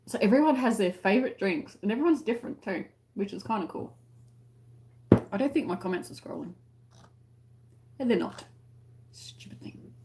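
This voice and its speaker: A woman's voice: mid-range voice, animated, moderate pace, long pauses, noisy background. An Australian woman hosting a casual crochet livestream, chatting to viewers and giggling as she explains slang. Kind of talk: casual livestream chat reading comments.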